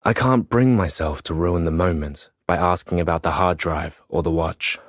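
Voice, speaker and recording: A man's voice: deep voice, moderate pace, no echo, studio quality. A man reading a first-person audiobook in a weary, reflective manner. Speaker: audiobook narrator.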